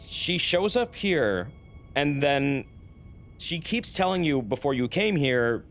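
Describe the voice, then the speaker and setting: A man's voice: on the high side, sing-song, slow, a bit bright. A man streaming a game, casually chatting, reacting and explaining it to viewers. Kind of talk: casual gameplay commentary. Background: game music.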